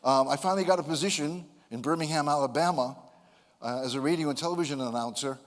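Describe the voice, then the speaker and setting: Older male speaker, slightly high voice, playful self-mocking storyteller, long hall reverb. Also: fast, a little hiss or hum. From United States (Connecticut). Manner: playful, self-deprecating, humorous. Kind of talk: motivational talk with storytelling.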